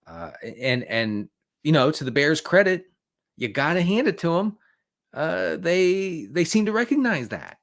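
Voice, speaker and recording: A man answering fantasy football questions live, rambling and animated, slipping into sarcastic rants with frequent restarts. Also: on the high side, measured pace, vocal fry. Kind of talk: live Q&A stream, casual sports talk.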